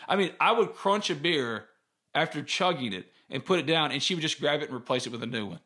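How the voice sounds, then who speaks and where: A man's voice: a little high, animated, fast talker, pushed and bright. A man, hosting a casual sports podcast and telling stories in a candid, rambling way. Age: 30s. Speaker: podcast host.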